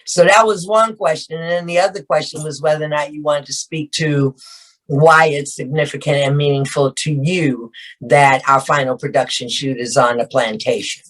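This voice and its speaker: Older lady on a video call, grandma type, calls everyone baby, chatty and warm. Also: sits low, fairly even intonation, moderate pace, poor audio. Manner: warm-hearted, calls people baby and darling. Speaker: host and film matriarch.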